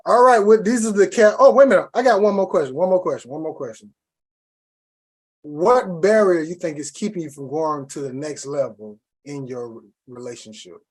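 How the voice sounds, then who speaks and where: A man hosting a podcast in casual chat, teasing and animated, in Southern slang. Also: fairly high pitch, brisk, few pauses, husky. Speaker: podcast host.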